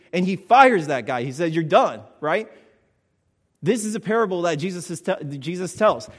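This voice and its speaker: A man's voice: high-pitched, long reverb tail. A man preaching a sermon, emphatic, repeating his points and checking in with the congregation. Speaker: pastor.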